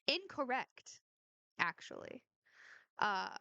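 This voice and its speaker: A woman vents in an angry, profane commentary vlog, and her sarcasm cuts through every line. Her voice sits a little high and sounds smooth and clear. The recording is dry and close, with no room sound. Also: measured pace, sharp tone, no room sound, lo-fi sound. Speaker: vlogger responding to a harasser.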